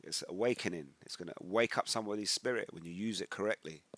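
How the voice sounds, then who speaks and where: A British man talks in a deep, low register, rambling conversationally as he reads comments aloud and breaks into emphatic bursts. The sound is dry and close, with no room echo. He moves from casual commentary into scripture teaching. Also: quick pace, fairly bright tone. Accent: British English. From United Kingdom. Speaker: religious commentator. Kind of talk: casual commentary reading social media posts.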